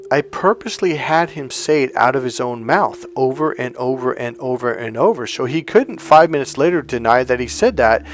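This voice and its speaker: Male dating coach, mid-pitched, blunt storytelling monologue, profane, repeats for emphasis. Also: lively intonation, normal speed, hardly any pauses, soft background music.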